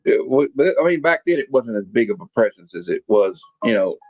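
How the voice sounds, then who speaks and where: A man's voice: medium pitch, very animated, a little fast, a little mellow, no room sound, muffled recording. A man co-hosting a comic review show, casually recapping the story with lots of fillers and quoted lines. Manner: rambling, with many fillers and restarts, quotes the characters. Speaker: comic review podcast co-host.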